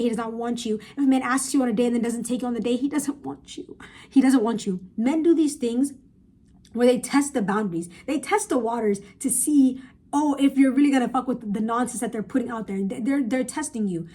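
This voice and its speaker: A woman's voice: on the high side, mellow. A young woman in a casual podcast-style rant, giving blunt, emphatic, profane advice to viewers, recorded on a phone. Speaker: vlogger. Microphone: phone camera.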